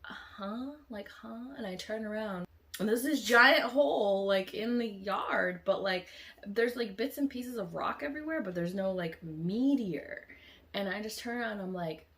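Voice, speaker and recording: A woman's voice: mid-range voice, normal speed, a bit bright. Chatty woman telling a dream story. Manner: chatty, filler-heavy, rambling. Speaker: vlogger. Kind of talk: casual storytelling.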